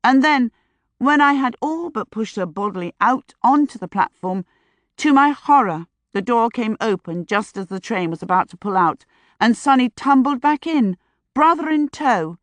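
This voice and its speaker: A woman reading a novel aloud in a measured, wry first-person audiobook narration. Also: a little high, expressive, dry recording.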